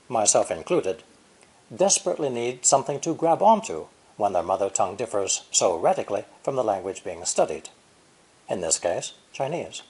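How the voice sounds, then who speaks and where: An older man in his sixties reads a scripted lesson in a lowish, husky voice. His pitch moves a lot as he explains, and he stresses syllables and tones with care. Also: a little mellow, low-quality recording. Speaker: language teacher.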